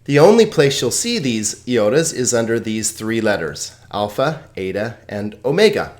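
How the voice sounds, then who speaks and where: A man teaching Greek in a recorded video lesson, chatty and joking, slowing down to carefully pronounce example words. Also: medium pitch, very animated. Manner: chatty, joking, laughs at own puns.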